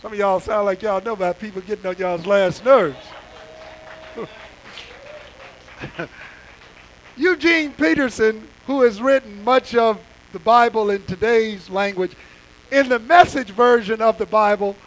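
A man's voice: sits high, measured pace, long pauses, poor audio. A man preaching an impassioned sermon, talking to the congregation in a folksy, conversational way. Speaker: pastor.

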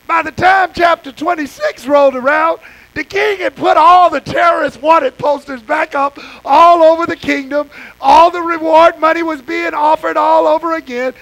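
A man preaches with fervor, talking straight to his congregation in a folksy, plainspoken way. His voice sits unusually high for a man. It also carries a gravelly edge. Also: fairly even intonation, moderate pace, fairly bright tone, poor audio. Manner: impassioned, conversational preaching with folksy asides. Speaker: pastor. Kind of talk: sermon.

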